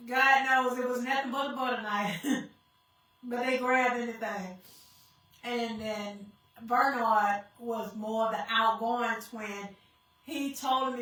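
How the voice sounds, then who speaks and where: In a church sanctuary, a woman guest speaker tearfully shares her personal testimony with the congregation, calling out to them as y'all. Her voice sits on the high side, steady, bright and forceful, slow with long pauses. The hall echoes and she sounds far off.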